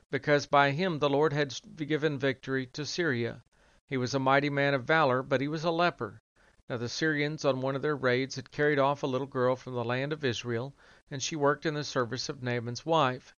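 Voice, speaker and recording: A man giving a measured, even scripted reading of scripture, with little change of voice for the quoted speakers. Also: mid-range voice, smooth, no room sound, lo-fi sound. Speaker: reader.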